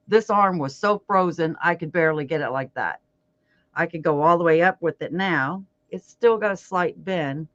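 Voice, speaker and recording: A woman's voice: sits low, normal speed, a bit bright, dry recording. Outspoken woman crochet streamer. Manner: chatty, outspoken, laughs often. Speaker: crochet livestream host. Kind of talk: casual chat while crocheting. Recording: dull lo-fi livestream audio.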